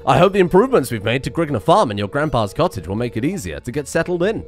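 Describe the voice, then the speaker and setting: A man's voice: medium pitch, very animated, fast, soft background music, natural voice. A man doing a kindly old village mayor. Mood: welcoming. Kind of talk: voicing game dialogue aloud.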